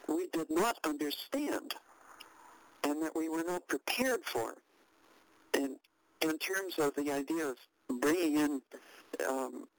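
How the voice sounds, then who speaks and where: An older woman speaks in a low, deep register at a slow, deliberate pace. She recounts a past event in an interview, pausing on fillers and restarting her sentences. Her delivery is dry and wry, and the recording sounds close and dead, with no room echo. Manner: halting and measured, with many fillers and restarts.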